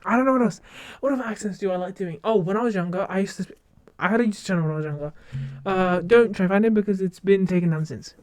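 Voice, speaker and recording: A young woman streamer in casual live-stream chat, talking quickly and rambling, with lots of fillers and restarts. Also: mid-range voice, darkish tone, no room sound. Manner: rambling, fast and talkative with many fillers. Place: home streaming setup.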